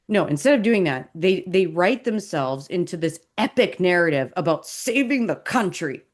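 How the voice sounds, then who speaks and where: A woman hosting a podcast, giving a sarcastic, animated commentary monologue. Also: on the low side. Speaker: podcast host.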